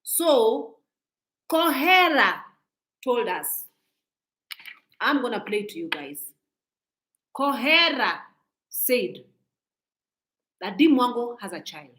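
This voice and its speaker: A woman's voice: on the high side, big pitch swings, takes it slowly, long pauses, fairly bright tone, reverberant, poor audio. A woman in her forties giving a scolding, preachy commentary monologue, repeating her points. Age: 40s. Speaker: social media commentator.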